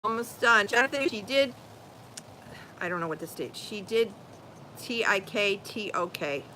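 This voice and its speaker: A woman's voice: mid-range voice, animated, a little slow, bright, forceful tone, a little hiss or hum, low-quality recording. An older woman chatting casually outdoors as a channel host, reading viewer comments aloud and spelling names out letter by letter. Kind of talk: casual live-stream chat. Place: outdoors, rain and breeze.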